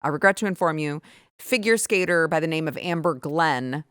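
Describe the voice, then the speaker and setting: Dry, low-pitched sarcastic woman host. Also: moderate pace, clean tone, dry recording. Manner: sarcastic, indignant, animated. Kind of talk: opinionated commentary and ad read.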